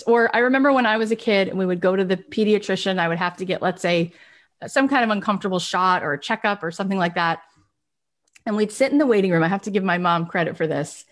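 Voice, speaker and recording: Energetic and motivational, a female host of a live online session talks right to her audience. She moves at a quick pace in a mid-range voice.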